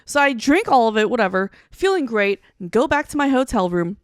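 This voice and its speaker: A woman's voice: on the high side, big pitch swings, fairly quick, clean tone, no room sound, studio quality. A woman co-hosting a casual podcast who tells stories bluntly, swears freely and acts out quoted lines. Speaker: co-host. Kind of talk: casual storytelling chat.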